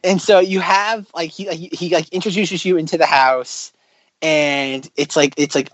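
A man co-hosting a podcast, retelling scenes excitedly in a rambling, filler-heavy way. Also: on the high side, normal speed, no echo. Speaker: podcast co-host. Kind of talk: casual chat about sketch comedy.

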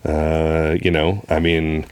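A man's voice: very deep voice, monotone, slow, a little mellow, clean tone. A man hosting a casual chat, talking in a loose, chatty way with frequent laughs and filler words. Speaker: podcast host.

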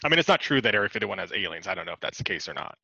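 A man with a bright, forceful voice chats casually and keeps breaking into laughter. His voice comes through a dull, muffled mic, dry and close. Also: fairly low pitch, big pitch swings, very fast, vocal fry, slightly rough, no echo. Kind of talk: casual chat.

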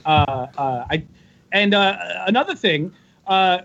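A young man guesting on a podcast, crude and animated, laughing through his stories in casual chat. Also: high-pitched, slow. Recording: dull lo-fi audio.

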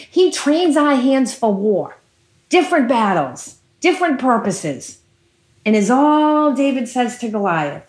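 A woman preacher telling a Bible story in a sermon, with emphatic repetition and animated pacing. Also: fairly high pitch, a little slow. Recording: roomy echo.

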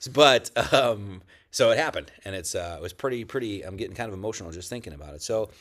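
A man's voice: fairly low pitch, animated, fairly quick, a bit bright. A man giving a casual, rambling church talk as pastor, joking and swearing, with many restarts. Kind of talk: casual sermon. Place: at home with dogs nearby.

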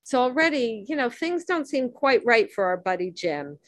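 A woman's voice: fairly high pitch, sing-song, moderate pace, dry recording. A woman hosting a recovery podcast, explaining a text in an earnest, conversational way with wry sarcastic asides. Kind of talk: teaching talk on a recovery text.

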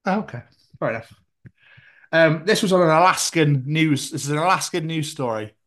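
A man's voice: fairly high pitch, moderate pace, fairly bright tone. A man co-hosting a podcast in casual comedic chat, dry and jokey, swearing casually. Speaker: podcast co-host.

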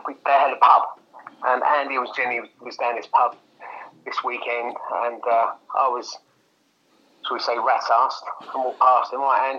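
A man tells his story as a guest, chatty and laughing, acting out both sides of a conversation. His voice is of ordinary pitch. The sound comes through dull and muffled, like a call line. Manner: chatty, laughing, acts out dialogue. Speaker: guest, event promoter. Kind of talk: casual interview storytelling.

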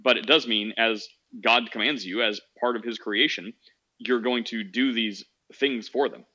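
A man's voice: medium pitch, steady tone, normal speed, sharp tone, lo-fi sound. A man hosting a casual call-in podcast, talking in a rambling way with many fillers and restarts. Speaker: podcast host.

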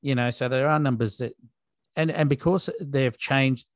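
An Australian man with a middle-pitched voice co-hosts a casual podcast chat. He talks with an exasperated edge and stumbles over his words, repeating them as he restarts. The mic is close and dry. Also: normal speed, no echo. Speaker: podcast co-host.

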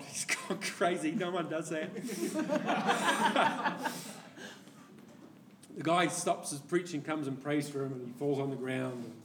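A man preaching a sermon, telling a story with lively laughter and acted-out quotes, heard from a distance in an echoey church hall. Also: a little high, slight background noise. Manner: animated storyteller, laughs often, acts out quoted voices.

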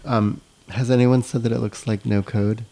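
A man's voice: medium pitch, fairly even intonation, normal speed, crowd noise. A man hosting a podcast interview, casual and a little hesitant, with many fillers. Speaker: podcast host.

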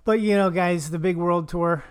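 A woman's voice: fairly low pitch, fairly even intonation, normal speed, clear, resonant tone. Joking middle-aged woman podcast host. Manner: joking, rambling storytelling. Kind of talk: casual chat. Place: podcast studio.

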